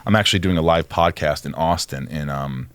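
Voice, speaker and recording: A man, a podcast guest, telling a personal story in casual chat, animated and swearing freely. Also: rumbling low, a little fast, clean tone, no room sound. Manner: animated, acts out dialogue, swears a lot.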